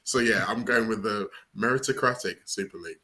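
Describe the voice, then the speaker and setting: Bright-voiced male guest. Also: fairly low pitch. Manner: measured, reasoned answers. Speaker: special guest. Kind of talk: casual discussion.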